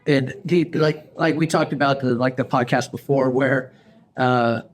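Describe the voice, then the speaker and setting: A man's voice: mid-range voice, steady tone, unhurried, slight background noise. A man co-hosting a podcast, telling a story in casual chat, acting out quoted voices with frequent restarts and laughs. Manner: laughs often while telling stories. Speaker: podcast co-host.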